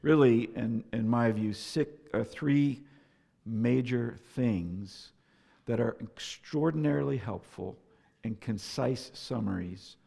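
A man pastor preaching a sermon in a church, telling stories in a relaxed, conversational way with many fillers, in an echoey hall. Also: mid-range voice, slow, gravelly, husky. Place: church sanctuary.

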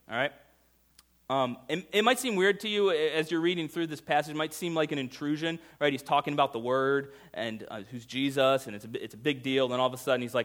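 A man preaching a sermon conversationally, asking his listeners questions and swinging between loud emphasis and hushed intensity. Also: medium pitch, quick pace. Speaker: pastor.

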